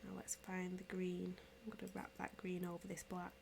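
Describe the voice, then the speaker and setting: A woman's voice: on the low side, completely flat delivery, brisk, vocal fry, darkish tone, a little hiss or hum. A woman from England with a strong regional English accent, chatting casually through a knitting tutorial and laughing easily. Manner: chatty, laughs easily, answers chat as she knits.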